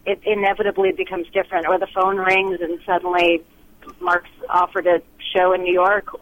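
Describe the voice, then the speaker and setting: A woman's voice: medium pitch, slight background noise. Bubbly woman chatting over a phone line. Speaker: actress, interview guest. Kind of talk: casual interview over a remote line.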